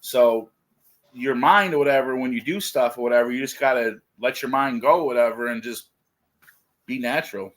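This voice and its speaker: A man's voice: mid-range voice, normal speed, a bit bright. Casual male co-host, rambling, filler-heavy talk. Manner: rambling, filler-heavy, says "like" and "dude" often. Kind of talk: casual livestream chat.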